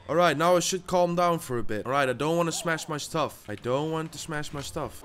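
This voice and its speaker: A young man commentating his own gameplay, swearing constantly and swinging between furious shouts and low muttering to calm himself down. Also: normal speed, soft background music. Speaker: gaming YouTuber.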